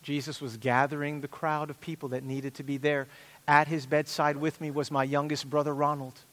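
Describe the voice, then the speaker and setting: A man's voice: on the high side, level tone, moderate pace, a bit bright. A middle-aged male pastor preaching an earnest, emphatic sermon with repeated phrases. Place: church sanctuary. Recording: long hall reverb.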